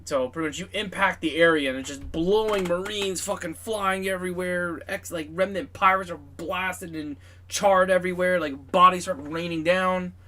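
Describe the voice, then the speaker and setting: A man's voice: high voice, moderate pace, sharp tone, slight background noise. A man narrating a tabletop game as game master, in a casual, filler-heavy, profane way.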